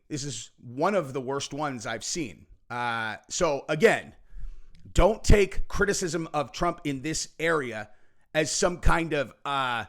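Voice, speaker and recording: A man's voice: fairly high pitch, expressive, moderate pace, fairly bright tone. A man hosting a political reaction show, ranting angrily and cursing, tagging his points with "okay?" and "right?". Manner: angry, profane, ranting with frequent "okay?" and "right?". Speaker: political commentary host. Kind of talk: heated reaction commentary.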